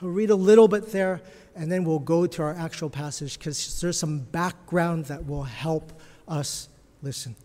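A man preaching a sermon as a pastor, earnest and slow with emphatic swells in his delivery. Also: on the high side, warm tone, big-room sound.

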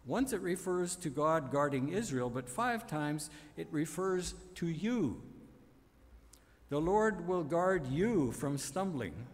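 A man's voice: on the high side, animated, slow, long reverb tail. A man preaching a sermon on a psalm, emphatic and building to repeated refrains.

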